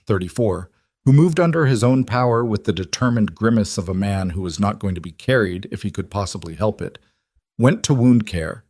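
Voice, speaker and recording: A man narrating a scripted story in a measured, steady delivery. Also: fairly low pitch, no echo, studio quality.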